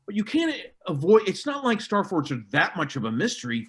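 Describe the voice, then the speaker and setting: Middle-aged man, guest historian; animated, wide-ranging pitch, mocking tone in a casual chat. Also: brisk, slightly rough. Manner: animated, mocking impressions of others. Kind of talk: casual podcast conversation.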